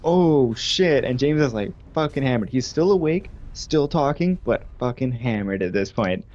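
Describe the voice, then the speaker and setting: A man's voice: mid-range voice, lively intonation, normal speed, darkish tone, lo-fi sound. A young man casually telling a long funny story, rambling with lots of fillers and acting out his friends' lines. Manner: rambling, laughing, acts out quoted friends. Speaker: stream co-host.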